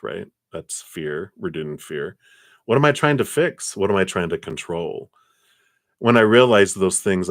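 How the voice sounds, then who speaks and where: A man's voice: low-pitched, dry recording, clean studio sound. A man doing live-stream card readings, talking in a rambling, reassuring way with lots of "you know". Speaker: card reader.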